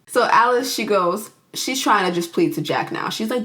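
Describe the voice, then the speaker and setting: A young woman recapping a film in a chatty, casual way. She is animated and quick to act out the characters' lines in her own voice, full of asides and reactions. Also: mid-range voice. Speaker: movie reviewer.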